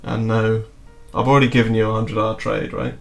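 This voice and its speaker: A man's voice: lowish voice, little pitch movement, brisk, creaky. A man chatting loosely on a trading livestream, rambling, swearing and laughing often. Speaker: crypto trading streamer. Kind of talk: casual livestream chat. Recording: roomy echo, faint music behind.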